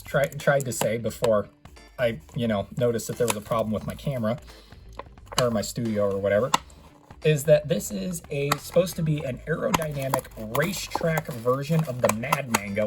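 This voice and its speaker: Chatty rambling man hosting a toy review. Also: mid-range voice. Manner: rambling, chatty, self-correcting asides. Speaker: toy car reviewer, channel host. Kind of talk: casual unboxing vlog talk. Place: home studio.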